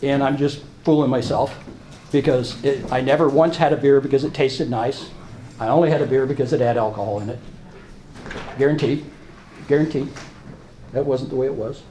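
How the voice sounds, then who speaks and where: A man telling his recovery story at a meeting, halting and repeating himself, with emotional swings. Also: mid-range voice, steady tone, mellow, slight background noise. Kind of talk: personal testimony talk. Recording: echoey room, faint ambience.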